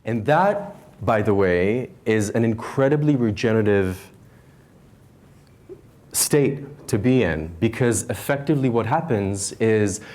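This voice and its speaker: Calm, lowish-voiced man telling a story. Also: measured pace. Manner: gentle, calm guiding, then animated storytelling. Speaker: leadership coach giving a talk. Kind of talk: conversational stage talk with a personal story. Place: stage before a live audience.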